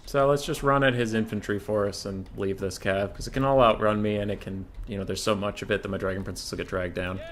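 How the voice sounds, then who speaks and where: A man's voice: fairly low pitch, steady tone, fast talker, hardly any pauses, slight background noise. A young man commentating his own strategy game match, sarcastic and profane, sometimes breaking into outbursts at his units. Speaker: gamer streamer. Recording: faint game music behind.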